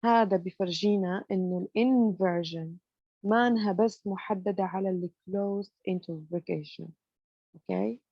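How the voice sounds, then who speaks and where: A woman's voice: medium pitch, fast talker, no echo, lo-fi sound. A woman explaining grammar step by step to students, often checking that they follow. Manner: explains step by step, fills with "you know" and checks understanding with "okay?". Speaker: English grammar lecturer. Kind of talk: explanatory lecture.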